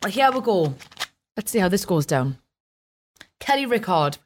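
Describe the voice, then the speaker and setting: A woman's voice: mid-range voice, very animated, measured pace, a little hiss or hum. A woman co-hosting a comedy podcast, telling stories in a chatty, giggly way. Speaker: podcast co-host. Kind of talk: casual chat.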